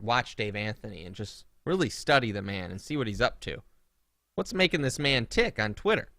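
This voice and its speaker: A man's voice: medium pitch, no room sound. A young man co-hosting a podcast, ranting in a casual comedic way with mocking, sarcastic outbursts. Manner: animated, mocking, swings into loud sarcastic outbursts. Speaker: podcast co-host.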